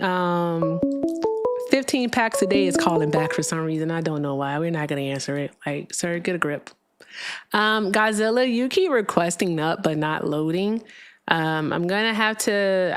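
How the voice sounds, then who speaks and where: A woman hosting a live call-in stream, talking casually with a sarcastic, chatty manner and lots of fillers. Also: lowish voice. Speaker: livestream host.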